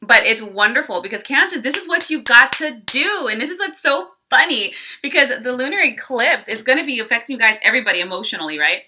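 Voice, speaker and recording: Bright-voiced chatty woman reading tarot. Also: on the high side, fast talker, hardly any pauses. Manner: chatty, animated, acts out quoted voices. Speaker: tarot reader. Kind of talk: casual tarot forecast.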